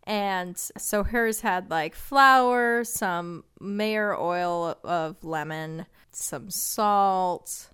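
A woman's voice: mid-range voice, extremely slow, few pauses, fairly bright tone, clean tone. A woman co-hosting a podcast, explaining details matter-of-factly in casual chat, with dry teasing. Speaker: podcast co-host.

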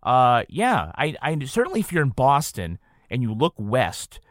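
A man's voice: mid-range voice, a little slow, no room sound, clean studio sound. A man from western Massachusetts, a podcast guest telling stories in casual conversation. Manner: storytelling, animated when quoting people. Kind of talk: casual chat.

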